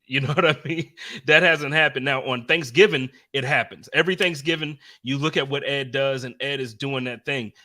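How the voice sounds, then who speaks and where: Bright-voiced man talking sports. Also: medium pitch, moderate pace. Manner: energetic, animated, emphatic. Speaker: podcast host. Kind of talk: casual sports talk.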